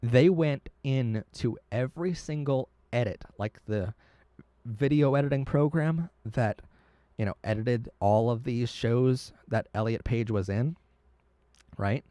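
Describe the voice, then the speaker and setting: A man's voice: mid-range voice, a little slow, mellow, dry recording. A man hosting a live stream, talking earnestly and emotionally, often stumbling and restarting his words. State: tearing up. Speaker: livestream host.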